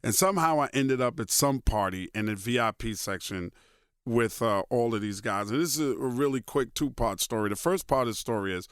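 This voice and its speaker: A man, a radio personality telling stories as a guest in a casual interview, animated and swearing freely. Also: mid-range voice, fairly quick, smooth, dry recording, clean studio sound. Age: 50s. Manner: profane, animated storyteller who voices others in quotes.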